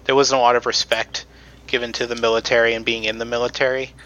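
A man's voice: mid-range voice, flat delivery, fast talker, pushed and bright, dull audio. A man on a podcast presenting research in casual chat, with many ums and restarts.

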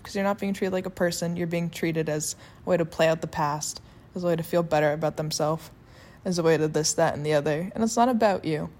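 A young woman vlogging casually, sassy and animated, with lots of fillers and restarts, sweaty after being active. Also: fairly low pitch. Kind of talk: casual talking-to-camera rant.

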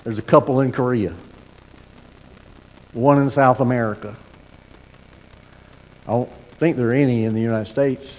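A middle-aged man preaching a sermon as pastor, folksy and animated with asides and repeated starts. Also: mid-range voice, normal speed, long pauses. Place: church sanctuary. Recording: sermon in a hall with long reverb.

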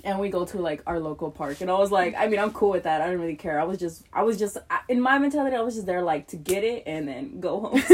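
A woman's voice: fairly low pitch, sing-song, fast, few pauses, slightly rough. A young woman co-hosting a podcast, telling a story in casual chat, swearing freely and laughing often. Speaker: podcast co-host.

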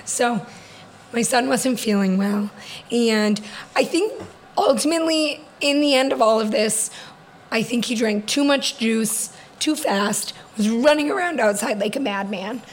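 A chatty woman co-host with a fairly high voice. She tells stories in a loose, playful way and often laughs between lines. A faint hiss sits under the recording. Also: measured pace. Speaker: podcast co-host. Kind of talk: casual chat.

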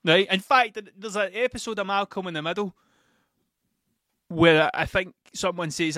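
A man's voice: high-pitched, fairly even intonation, moderate pace, sharp tone, no echo, studio quality. A Scottish man, a father, telling a rambling, self-mocking story on his podcast, swearing freely and repeating himself. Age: adult father. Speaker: podcast host. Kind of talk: casual storytelling monologue.

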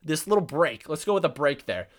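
A man hosts a solo podcast in a loose, brash style, swearing freely and wandering off into side remarks. His voice sits a bit high for a man and swings widely up and down as he talks. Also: very animated, a little fast. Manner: brash and profane, rambling with asides. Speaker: podcast host. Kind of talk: casual solo podcast monologue.

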